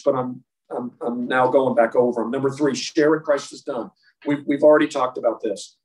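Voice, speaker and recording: A man's voice: a little high, a little mellow, far from the mic. A man leading an informal faith lesson for a men's group. He is blunt and joking, and repeats key words for emphasis. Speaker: men's Bible study leader. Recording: roomy sound, speaker away from the mic.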